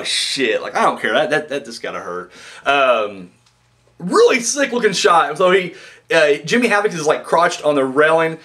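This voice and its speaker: A man giving a casual, rambling wrestling review that veers from low muttering into excited, profane outbursts.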